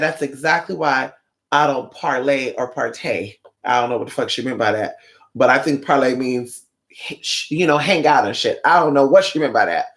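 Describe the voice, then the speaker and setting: The voice is medium-pitched and gravelly. A livestreamer from Northern California who visits spiritual shops greets viewers in a casual, sassy, profane chat, animatedly telling stories and acting out quotes.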